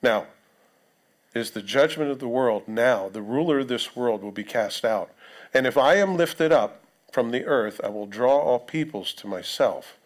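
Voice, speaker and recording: A man at a mid-range pitch delivers a sermon as a pastor. He talks in a loose, conversational way, breaking off for asides and questions to the listeners. He reads the scripture passages aloud. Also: animated, a little slow.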